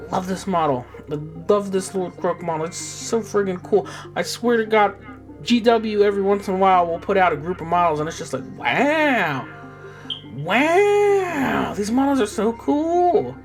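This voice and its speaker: A man's voice: sits high, brisk, soft background music. A young man who paints miniatures, chatting casually and rambling with jokes and swearing, often trailing off.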